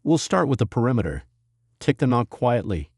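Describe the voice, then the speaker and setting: A man voicing a calm, commanding former navy commando and father in an audio story, speaking in a cold, steady manner. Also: mid-range voice, normal speed, breathy edge, dry recording, clean studio sound, voice pushed up.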